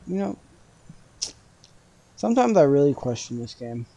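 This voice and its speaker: A young man casually commenting on his gameplay for viewers, joking around and now and then bursting out in loud excitement. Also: on the high side, unhurried, gravelly, pauses often, highs cut off. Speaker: gaming streamer.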